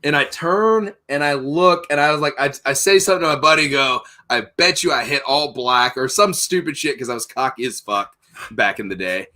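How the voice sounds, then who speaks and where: Profane, bright-voiced young man telling stories. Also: mid-range voice, brisk. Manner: profane, animated storyteller. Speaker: podcast host. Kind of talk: casual storytelling.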